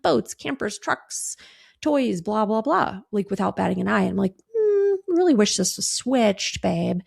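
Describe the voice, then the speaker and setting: A woman's voice: mid-range voice, creaky, a little mellow. A woman in her thirties hosting a casual solo podcast, chatting breezily, swearing casually and acting out quoted conversations. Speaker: podcast host.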